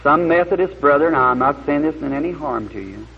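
A man's voice: a little high, lively intonation, a little fast, vocal fry, husky. A man preaching a sermon, telling a story in a folksy, plain-spoken way and building to earnest emphasis. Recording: muffled lo-fi old recording.

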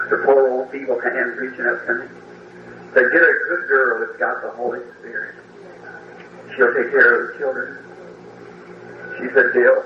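A man's voice: medium pitch, steady tone, normal speed, long pauses, slight background noise. A middle-aged man preaching, telling a story in a folksy way and acting out the voices he quotes. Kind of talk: sermon storytelling. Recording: old lo-fi echoey recording from a distance.

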